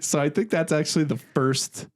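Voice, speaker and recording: A man's voice: on the high side, normal speed, no room sound, clean studio sound. A man co-hosting a horror podcast, talking casually and animatedly with frequent laughs. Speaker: podcast co-host. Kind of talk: casual chat.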